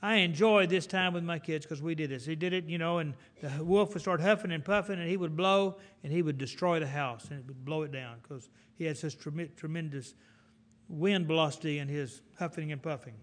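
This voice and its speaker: A middle-aged man preaching a folksy sermon in an animated, storytelling way. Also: fairly high pitch, fairly quick.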